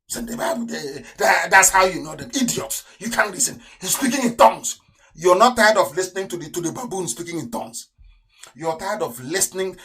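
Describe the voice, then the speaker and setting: A Nigerian-accented man holds forth on live radio in a fairly high voice. He is openly contemptuous and fires rhetorical questions at his audience. His volume lurches from near-shouting to muttered asides. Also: lively intonation, a little fast, poor audio. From southeastern Nigeria. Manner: scornful, hammering rhetorical questions; swings between loud outbursts and low mutters. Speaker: radio broadcaster and activist. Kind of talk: impassioned live radio address.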